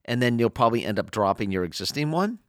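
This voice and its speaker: Steady male financial advisor on radio. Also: medium pitch, fast talker, no room sound, clean studio sound. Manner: explanatory, steady advice-giving. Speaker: financial radio show co-host. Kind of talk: call-in radio talk.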